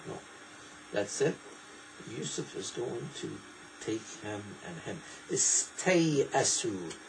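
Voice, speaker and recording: A man preaching a sermon, explaining scripture in a digressive, lively way and reciting in quick bursts. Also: medium pitch, noisy background.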